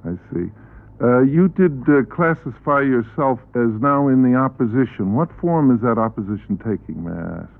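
Male interviewer, mid-range voice, formal measured questions, thin phone-like broadcast sound. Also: mid-range voice, lively intonation, gravelly. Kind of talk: televised panel interview. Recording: tinny archival broadcast audio.

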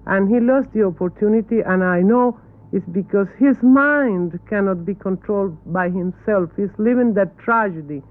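A woman from Cuba, a native Spanish speaker with a Cuban Spanish accent, answering questions earnestly in halting English and correcting her questioners. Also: medium pitch. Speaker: interview guest. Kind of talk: televised panel interview. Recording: tinny archival broadcast audio.

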